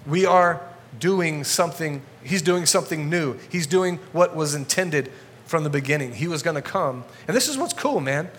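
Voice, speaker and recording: A male pastor preaching a sermon to a congregation in a church, energetic and conversational, getting fired up as he talks. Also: fairly high pitch, normal speed, slight background noise.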